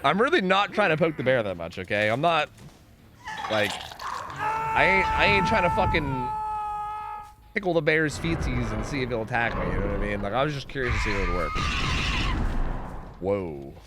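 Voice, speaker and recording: A man's voice: mid-range voice, very animated, moderate pace, long pauses, heavy background noise. A young man streaming a game, chatting casually and swearing a lot as he reacts and answers his chat. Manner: chatty, swearing, lots of "like" and restarts. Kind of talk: casual gameplay commentary.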